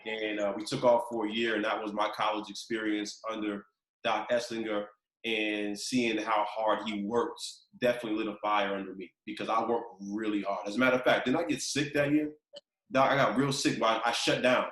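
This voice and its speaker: Lowish male podcast host, echoey room. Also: brisk. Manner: animated storyteller, acts out quotes. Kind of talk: casual storytelling chat.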